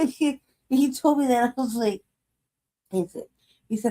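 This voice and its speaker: This livestream host, a woman in her forties, speaks a little high and a little slowly, with long pauses and a mellow quality. Her story wanders along, full of laughs and profanity.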